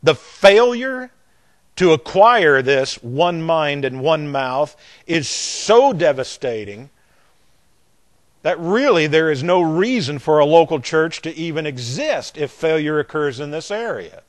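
An older man with a Southern American drawl delivers a sermon. His voice sits a little high, and he stretches and repeats words, swelling louder on the points he wants to drive home. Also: expressive. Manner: emphatic, drawn-out delivery that swells in loudness on key words. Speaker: preacher.

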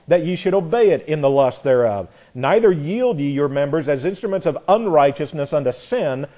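A male preacher with a slightly higher voice, teaching through scripture in an earnest, emphatic way. He reads verses aloud and often restarts his sentences as he presses his point. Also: warm tone. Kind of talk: sermon, Bible teaching.

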